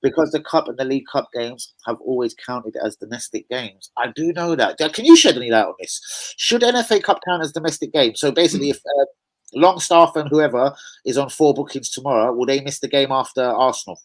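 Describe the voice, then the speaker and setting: This football fan streamer talks in an animated, mid-range voice, a little fast, over a rough recording. Hosting a live preview chat, he reads viewer comments and swears freely in a casual way.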